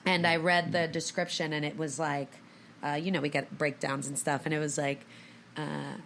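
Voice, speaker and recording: A woman guest actress telling animated stories in a casual podcast interview in a studio. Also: deep voice, moderate pace, creaky, slight background noise. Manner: animated storyteller.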